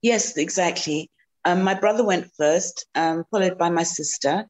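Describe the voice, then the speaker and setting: Thoughtful woman from South Africa, low-pitched. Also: a little mellow. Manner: thoughtful, many ums and pauses. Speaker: guest. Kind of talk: reflective interview answer.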